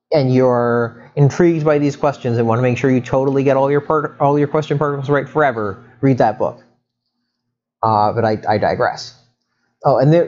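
Chatty male Egyptology lecturer, slightly muffled. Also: mid-range voice. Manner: lively, chatty teaching with asides and self-corrections. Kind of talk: explanatory lecture.

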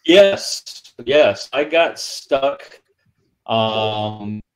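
A man on a video call telling a halting, rambling anecdote about a museum ship, with many restarts. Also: fairly low pitch, clear, resonant tone, rough recording. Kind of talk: livestream storytelling. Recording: video call audio, feed breaking up.

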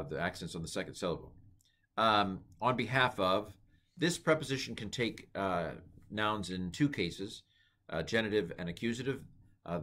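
A man giving a casual Bible Greek lesson, thinking aloud with many fillers and slowly repeating words to try out their pronunciation. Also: low-pitched. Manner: relaxed, thinking aloud with many ums and uhs. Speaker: Greek teacher. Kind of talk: informal Bible language lesson.

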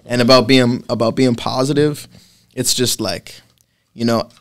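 Young guy from massachusetts rambling on a podcast, lots of likes, mid pitch. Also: fairly even intonation, a little slow. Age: 20s. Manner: rambling, full of "like" and restarts. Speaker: podcast guest. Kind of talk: casual chat.

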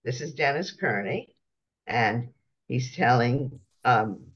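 A man talks through a slide-show lecture at an easy pace, stopping often to explain each picture. His voice sits at an ordinary middle pitch. The recording is dull and lo-fi. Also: expressive, takes it slowly, husky.

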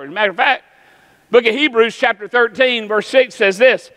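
A man's voice: very high voice, sing-song, moderate pace, bright, forceful tone. A man preaching a sermon as pastor, emphatic, calling on the congregation for amens. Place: church sanctuary. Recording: long church reverb.

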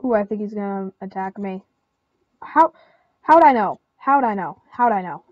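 A woman's voice: mid-range voice, moderate pace, no room sound, muffled recording. A young woman commentating her own online game, crying out in panic and repeating short phrases over and over. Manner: excitable, squealing and crying out in panic. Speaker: gameplay commentator. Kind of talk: excitable live game commentary.

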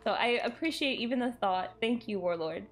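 A young woman streaming a game, chatting casually and excitably with her chat, giggling often. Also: on the high side, normal speed.

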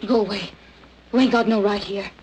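A woman's voice: mid-range voice, fairly even intonation, a little fast, darkish tone, a little hiss or hum, close to an everyday voice, rough recording. An actress as a bitter young woman. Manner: curt and resentful. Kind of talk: 1940s film acting.

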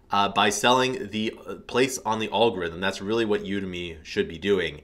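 A man's voice: deep voice, sharp tone. A man in his thirties, an online course instructor, giving casual commentary to camera in a rambling way, with many fillers and a habit of tagging "right?" onto his points. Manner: rambling, filler-heavy, says "right?" often.

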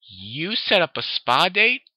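A man's voice: a little high, big pitch swings, normal speed, sharp tone, no echo, voice pushed up, full character voice, poor audio. A man doing a weary young unicorn mare. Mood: tired. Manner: tired, sighing. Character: weary young female purple unicorn, bookish.

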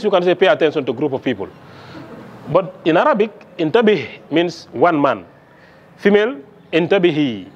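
Male Arabic lecturer, fairly high voice, questioning his class, faint background hum. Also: dull audio. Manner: quizzing students with frequent "okay?" checks. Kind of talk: classroom lesson.

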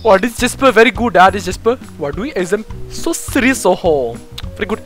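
A man's voice: high voice, animated, fairly quick, soft background music, rough recording. A young man plays a nagging exam invigilator in a comic sketch, ending lines with lah and ah. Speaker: comedy sketch creator.

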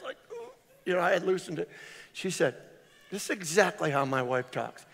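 A man pastor preaching a storytelling sermon, his voice swinging loud on exclamations. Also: on the high side, normal speed, pauses often. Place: large church hall. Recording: reverberant church hall.

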